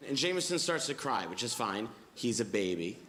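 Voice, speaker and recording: A man in his twenties performing a stand-up comedy set on a club stage, telling stories with wry, animated delivery. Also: mid-range voice, moderate pace. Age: 20s. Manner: wry, animated storytelling with acted-out voices. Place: comedy club stage before a live audience. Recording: echoey club with background noise.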